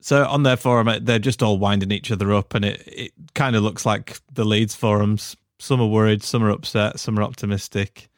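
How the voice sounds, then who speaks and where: A man's voice: fairly low pitch, steady tone, a little fast, hardly any pauses, dry recording. Laid-back man, dry close sound. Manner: easygoing, dry jokes, reads out stats. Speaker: podcast co-host. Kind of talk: casual chat.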